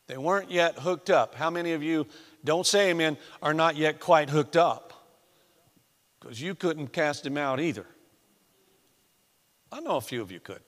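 A man preaching a sermon in a church, swinging between hushed, intimate lines and loud, emphatic ones. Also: on the high side, measured pace, long pauses. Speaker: pastor. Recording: echoey church hall.

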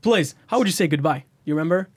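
Upbeat high-voiced man with a French accent. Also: animated, fast, breathy edge. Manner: encouraging, playful teacher. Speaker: podcast host. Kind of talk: casual chat, teaching French phrases.

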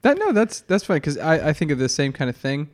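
A man co-hosting a podcast in casual chat, animated and laughing along. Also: a little high, fast. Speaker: podcast co-host.

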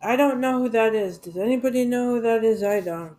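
A woman's voice: on the high side, brisk, mellow. A woman in a casual rambling monologue about music, hesitant, with many fillers and restarts and some blunt swearing. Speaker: music vlogger.

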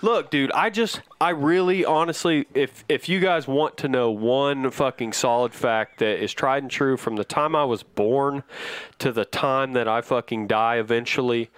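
A man's voice: medium pitch, a little slow, a bit bright, clean tone, no room sound. A man co-hosting a podcast, ranting hard with constant swearing. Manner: profane ranting, fired up. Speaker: podcast co-host. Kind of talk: casual podcast chat. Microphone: headphones, podcast mic.

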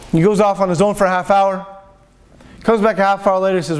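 A man's voice: sits high, steady tone, brisk, a little hiss or hum. A man giving a Torah talk as a rabbi, telling a story and acting out its dialogue.

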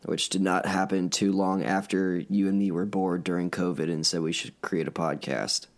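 Deep-voiced man with laid-back replies. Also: fairly even intonation, normal speed. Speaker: podcast co-host. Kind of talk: casual chat.

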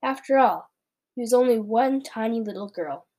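A very old, gentle giant from a children's storybook, voiced by a woman reading aloud, spinning out his lines in a playful, unhurried way. The voice sits a little high and stays close to the reader's own. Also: expressive. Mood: proud. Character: very old kindly male giant.

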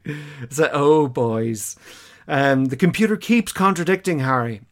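A man's voice: a little high, lively intonation, moderate pace, a bit bright. A man co-hosting a podcast, casually recapping an episode, chatty and hesitant with many fillers. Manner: chatty and hesitant, lots of fillers, laughs as he talks. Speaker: podcast co-host watching a classic series for the first time.

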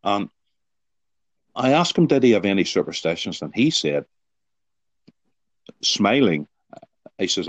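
Low-voiced man explaining earnestly. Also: very animated, measured pace, pauses often, no echo. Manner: earnest, explanatory, poses rhetorical questions. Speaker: guest, sports psychology author. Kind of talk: podcast interview answers with anecdotes. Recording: dull lo-fi sound.

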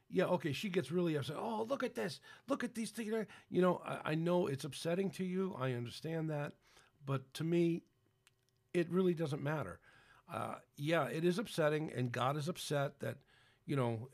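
A man's voice: medium pitch, a little mellow. A man hosting a podcast, rambling through casual Christian commentary with incredulous outbursts. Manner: frequent fillers and restarts. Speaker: podcast host.

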